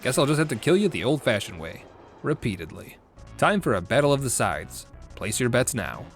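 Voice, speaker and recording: Brief: young male gaming host, lively sarcastic delivery, faint music behind. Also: mid-range voice, fairly quick. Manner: sarcastic, playful, jokey. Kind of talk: scripted comedic gameplay narration.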